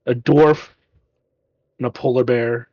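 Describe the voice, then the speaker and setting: Halting male game master, dull sound. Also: medium pitch, fairly even intonation, no echo. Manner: casual, halting narration with restarts. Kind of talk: narrating a tabletop game.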